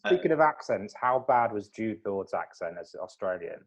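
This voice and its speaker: A man's voice: lowish voice, lively intonation, moderate pace. A man from the UK co-hosting a comedy podcast, chatting about films with wry, laughing quips. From United Kingdom. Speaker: podcast co-host. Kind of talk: casual movie chat. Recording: muffled lo-fi audio.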